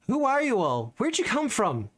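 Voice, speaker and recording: A man's voice: very high voice, wildly swooping pitch, moderate pace, pitched above the performer's own voice, heavily acted. A blunt elven ranger woman who leads her band and wants answers from strangers, as a male game master puts her on in a tabletop session. She asks in a level, matter-of-fact way and leaves little room to dodge. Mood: startled. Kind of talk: tabletop role-play character voice.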